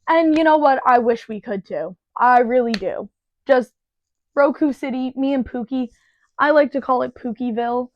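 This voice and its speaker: A woman's voice: on the high side, no room sound. Exasperated, cursing woman ranting. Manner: exasperated and profane, laughing often. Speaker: podcast host and bartender. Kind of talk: casual ranting monologue. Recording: dry, slightly dull lo-fi recording.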